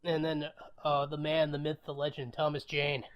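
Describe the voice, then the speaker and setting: Now the film-chat co-host speaks at normal speed, his voice on the high side and his delivery completely flat. He still muses aloud with fillers about movies, and the dull audio carries crowd noise.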